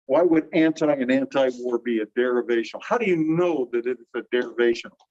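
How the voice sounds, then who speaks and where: A man's voice: mid-range voice, fairly quick, darkish tone. A man teaching a class, explaining things step by step and putting questions to his students. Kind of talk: classroom lecture. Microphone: phone across the room. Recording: dull phone recording from a distance.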